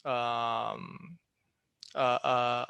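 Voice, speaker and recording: A male podcast host talks with his guest in a relaxed, conversational way, hesitating and filling gaps with ums. His voice has a bright, sharp edge. The sound is close and dry. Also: mid-range voice, drawn-out words, creaky, clear, resonant tone, dry recording. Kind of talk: casual interview.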